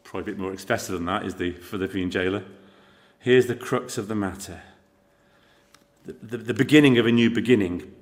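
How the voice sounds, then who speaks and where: Speaking briskly in a voice on the low side, a middle-aged preacher delivers a dramatic sermon story. He shifts from loud emphasis to quiet intensity and puts rhetorical questions to the congregation.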